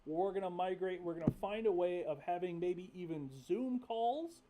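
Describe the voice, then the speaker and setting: A young man hosts a casual livestream, talking candidly and swearing freely as he rambles through stories full of fillers. His voice sits high yet sounds mellow and warm. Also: moderate pace. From North Carolina. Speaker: livestream host.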